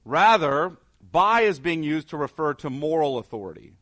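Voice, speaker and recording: A man preaching as a pastor, earnest, asking rhetorical questions and moving between soft, low passages and emphatic ones. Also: animated, moderate pace. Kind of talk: sermon.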